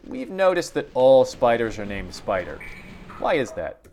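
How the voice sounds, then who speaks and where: A man plays through a game and comments casually in a dry, deadpan way. His pitch sits in the middle for a man. Faint noise hums behind him. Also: unhurried. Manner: wry, deadpan asides. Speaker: let's play host.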